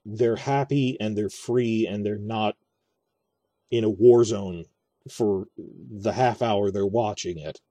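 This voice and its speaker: A man's voice: lowish voice, dark tone, no echo. A man giving earnest, rambling spoken commentary on a TV series, often restarting and correcting himself. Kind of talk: casual video commentary on a TV series.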